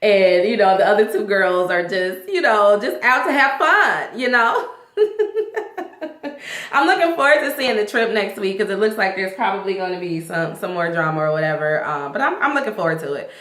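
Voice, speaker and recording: A woman giving a casual, profane recap of a reality show to her viewers. She talks in an animated way and acts out what the cast said. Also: medium pitch, normal speed, roomy sound. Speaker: vlogger reviewing a reality show.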